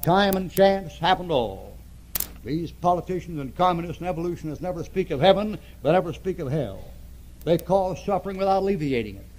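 A man's voice: fairly high pitch, poor audio. Older man preaching with fierce emphasis. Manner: emphatic, repeats phrases, swings from shouting to hushed. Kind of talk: fiery sermon. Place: church before a congregation.

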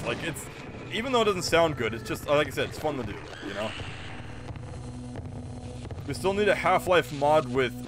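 Lively, excitable male game streamer. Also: fairly high pitch, background noise. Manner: excitable, laughs often, bursts into goofy voice impressions. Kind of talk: casual live-stream chat.

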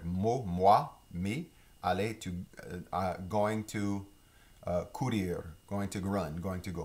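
A middle-aged man with a Louisiana Cajun accent teaches in an easygoing, meandering way, full of ums and restarts. His voice sits fairly low. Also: slow pace. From Louisiana, Lafourche Parish. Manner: relaxed, rambling, with many fillers and restarts. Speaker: French teacher. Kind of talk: casual online lesson.

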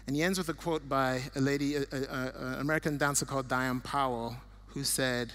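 A man's voice: medium pitch, steady tone, fairly quick, hardly any pauses. A middle-aged man from Nigeria giving an earnest church talk with slides, telling stories with frequent restarts. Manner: earnest, warm storytelling with restarts. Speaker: guest speaker.

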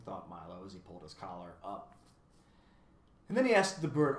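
A man reading a children's story aloud as narrator, in an expressive, even storytelling manner, in a roomy recording. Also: fairly low pitch, moderate pace, a little hiss or hum. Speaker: audiobook reader.

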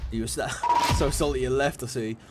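A man streaming a shooter game with his teammates, excitable and swearing, calling everyone mate and bruv. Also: mid-range voice, normal speed, over loud music. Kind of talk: casual gameplay chat with teammates. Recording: loud game noise behind.

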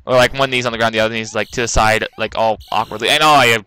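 A young man casually rambling through a let's-play, breaking into loud excited outbursts, recorded on a laptop in his bedroom. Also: medium pitch, fast talker, clear, resonant tone, no echo, poor audio. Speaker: gaming commentator. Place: bedroom, kneeling at a laptop on the bed. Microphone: laptop mic.

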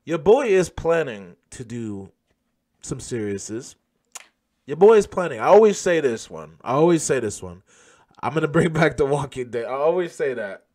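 A man hosting a gaming channel, chatting casually and yelling profanely at the game as he plays. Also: mid-range voice, big pitch swings, moderate pace. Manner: loose, profane, laughs and yells at the game. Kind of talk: casual gameplay commentary.

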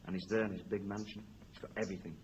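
A man telling a dark comic story on an old television show, switching voices for each character. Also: deep voice, rapid-fire, a little hiss or hum, rough recording. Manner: animated, shifts voices between characters. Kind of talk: stand-up style storytelling.

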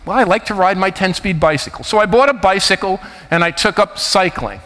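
Keynote speaker, man in his 50s, New Jersey accent, high bright voice, hall reverb. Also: a little fast. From United States. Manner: animated, anecdotal, emphatic. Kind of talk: keynote talk.

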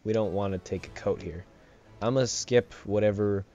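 A man's voice: on the low side, normal speed, warm tone. A young man hosting a let's play, giving rambling, jokey commentary and laughing often. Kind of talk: casual gameplay commentary. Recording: slightly dull home mic with game music.

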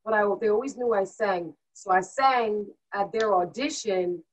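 Woman, singer, interview guest, casual storytelling, chatty, fillers, acts out quotes, mid pitch. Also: poor audio. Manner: animated, acts out quoted people in lively voices; chatty, fast-flowing with fillers.

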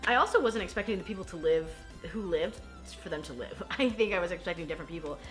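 Giggly, lively young woman recapping a film. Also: lowish voice, quick pace, faint music behind. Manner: chatty, giggly, self-deprecating, acts out quotes. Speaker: film reaction host. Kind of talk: casual movie recap chat.

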